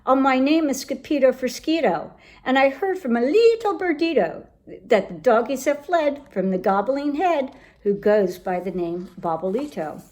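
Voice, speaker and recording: A woman's voice: medium pitch, animated, unhurried, lightly acted. A woman voicing a bouncy, boastful cat boy who plays a chihuahua hero in a mock-Spanish swagger. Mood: sing-song.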